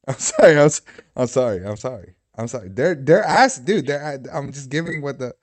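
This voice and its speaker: A man's voice: mid-range voice, animated, moderate pace. A man hosting a livestream, talking casually and joking, swearing freely. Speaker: livestream host. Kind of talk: casual live commentary.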